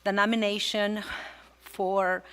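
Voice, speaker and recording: Bright, upbeat woman reading a nomination. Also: mid-range voice, flat delivery, slow pace. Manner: upbeat, enthusiastic. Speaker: nominator, alumna.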